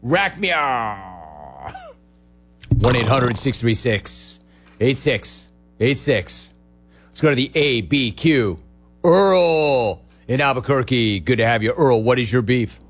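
A man hosting a call-in radio show, brash and quick, riffing and repeating words for comic effect. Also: medium pitch, animated, slightly rough, soft background music. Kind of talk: sports talk radio call-in.

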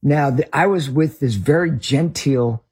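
Husky Northern US man, guest storyteller, loose rambling delivery. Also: medium pitch, a little slow, darkish tone. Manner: rambling with restarts. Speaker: ministry leader guest. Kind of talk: conversational storytelling.

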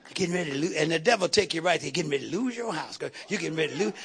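A man's voice: on the high side, expressive, rapid-fire, gravelly, fairly bright tone, husky. A man preaching a fiery sermon, calling out to the congregation and repeating words for emphasis.

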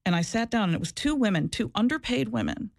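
A woman's voice: a little high, animated, quick pace, gravelly, no room sound, studio quality. A woman who used to be a social worker, talking candidly in an interview, earnest and reflective, often restarting and repeating herself. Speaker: former social worker, guest.

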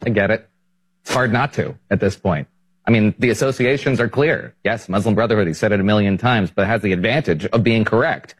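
A man with a fairly low voice gives political commentary. He speaks in a measured, matter-of-fact tone and lays out his reasoning step by step. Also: slightly rough, rough recording.

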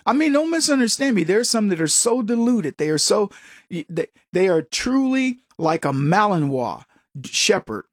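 A man's voice: sits high, big pitch swings, moderate pace, dry recording, studio quality. A man giving an opinionated, combative monologue as a commentator, who is from the United States and mocks other voices as he talks. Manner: emphatic, combative, mocking quoted voices.

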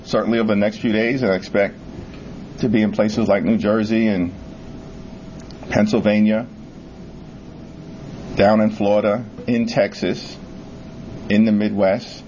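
A man speaking at a news conference in a firm, deliberate political delivery. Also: fairly low pitch, a little mellow, lo-fi sound, slight background noise.

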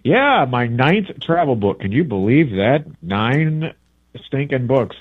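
A man's voice: medium pitch, sing-song, takes it slowly, no room sound. A male travel book author talking as a guest in a casual radio interview, rambling and correcting himself as he goes. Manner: rambling, chatty, self-correcting. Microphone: phone. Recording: tinny phone line.

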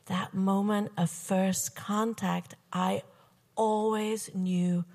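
A young adult woman performing a personal story with wry, comic timing and pauses. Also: mid-range voice, flat delivery, darkish tone, in a large hall.

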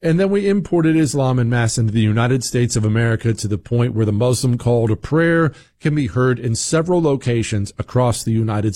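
A man's voice: mid-range voice, darkish tone, dry recording. A man in his forties hosting a talk show, giving sarcastic, emphatic opinion commentary. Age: 40s.

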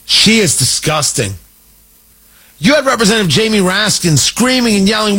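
A man's voice: sits high, expressive, a little fast, gravelly, pushed and bright, breathy edge, rough recording. A man hosting an opinion show, talking in an indignant, combative, mocking way. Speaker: political commentator host. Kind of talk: opinion monologue.

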